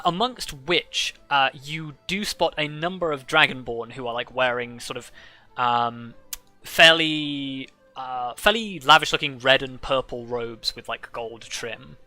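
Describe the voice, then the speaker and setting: Bright-voiced man narrating as game master. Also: mid-range voice. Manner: halting, filler-heavy narration. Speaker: dungeon master.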